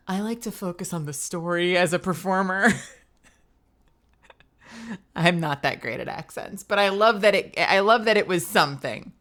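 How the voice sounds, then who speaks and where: Woman streamer, low-ish but bright and edgy tone, rambly casual chat. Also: normal speed, long pauses. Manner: chatty, rambling, filler-heavy. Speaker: streamer and voice actor.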